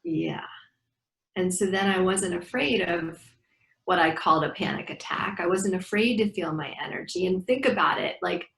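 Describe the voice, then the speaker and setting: Brief: middle-aged woman breathwork teacher, lively storyteller, recorded in a reverberant room. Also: fairly low pitch, normal speed, creaky. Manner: animated storyteller acting out dialogue. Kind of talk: guiding breathing exercises in an interview. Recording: echoey room.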